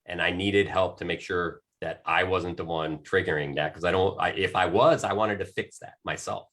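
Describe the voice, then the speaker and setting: Middle-aged male coach, low-pitched and forceful, loose rambling delivery. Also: steady tone, normal speed. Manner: rambling, many restarts and fillers. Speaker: coach on a panel. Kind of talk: casual panel discussion.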